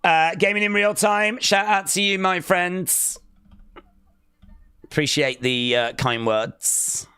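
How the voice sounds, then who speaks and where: A man hosting a live watch-along stream, chatting casually and jokily, reading out chat and breaking into sudden excited shouts. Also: high voice, slow, smooth, dry recording. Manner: excitable, jokey, with sudden loud outbursts.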